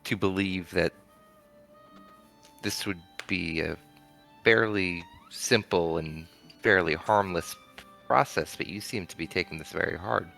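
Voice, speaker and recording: A man's voice: low voice, measured pace, creaky, long pauses, bright, forceful tone, soft background music. A man playing at a tabletop game, asking dry, pointed questions. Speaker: player. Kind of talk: in-character play at a tabletop game.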